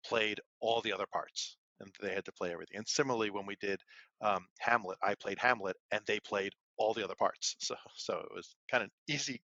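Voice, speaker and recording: Low-voiced man telling a rambling story. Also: sharp tone, no echo. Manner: rambling, with many fillers and restarts. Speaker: podcast co-host. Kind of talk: casual storytelling. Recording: dull, lo-fi, dry sound.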